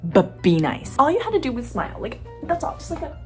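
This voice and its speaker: A young woman telling a road trip story in a casual vlog, animated and profane, laughing often. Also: a little high, fast talker, faint music behind. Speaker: vlogger.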